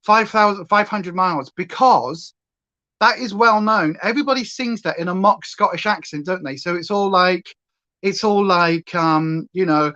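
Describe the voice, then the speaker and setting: A woman's voice: lowish voice, normal speed, a bit bright, dull audio. Chatty woman with a clipped southern English accent. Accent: clipped near-standard southern English. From Hampshire, England. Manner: chatty, tangent-prone, lots of fillers. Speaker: livestream beauty host. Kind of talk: rambling casual chat.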